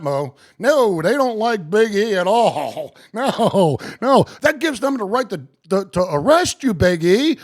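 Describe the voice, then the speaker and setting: Male streamer, lively up-and-down voice, slow drawn-out delivery, joking with chat. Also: high-pitched. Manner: animated, joking, talks to viewers by name; slow, emphatic reading of legal text. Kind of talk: live-stream chat and case-law reading.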